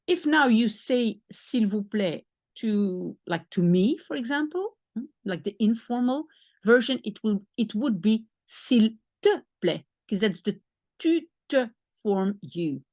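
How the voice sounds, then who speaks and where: A woman's voice: on the high side, animated, slow pace, a little mellow, no room sound. A woman from Belgium, a native Dutch speaker with a Belgian accent, patiently teaching beginner French and repeating phrases as she thinks aloud. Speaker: language teacher.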